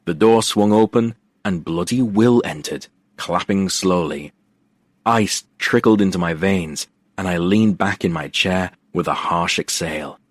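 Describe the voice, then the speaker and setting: Deep-voiced man narrating an audiobook. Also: unhurried, no room sound. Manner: wry, expressive storytelling. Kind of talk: first-person scripted narration.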